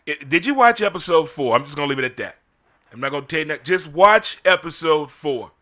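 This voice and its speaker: A man's voice: a little high, expressive, brisk, bright, forceful tone. A middle-aged man hosting a casual solo commentary, full of incredulous rhetorical questions. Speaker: host.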